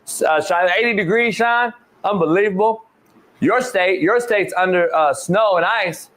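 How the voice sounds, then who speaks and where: A man from California hosts a casual sports talk show, excitable and loose-mouthed, swearing freely as he trash-talks his guests. His voice sits a little high for a man. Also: normal speed. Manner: excitable, profane, trash-talking. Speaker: host.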